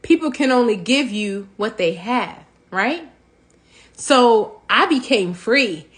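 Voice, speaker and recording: High-voiced, animated motivational woman. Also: takes it slowly. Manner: animated, preachy, laughs between points. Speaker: host of a healing talk show. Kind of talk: motivational talk.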